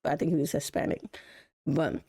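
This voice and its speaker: A woman's voice: deep voice, fairly quick, breathy edge. A woman live-streaming a reaction video, chatting casually and telling stories, swearing freely. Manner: profane, animated storytelling with laughs.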